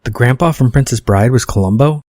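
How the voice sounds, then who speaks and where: A man's voice: mid-range voice, fairly quick, a little mellow, dry recording, studio quality, lightly acted. A man reading out a chatty, muddled young woman. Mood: puzzled. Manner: rambling, asking confused questions.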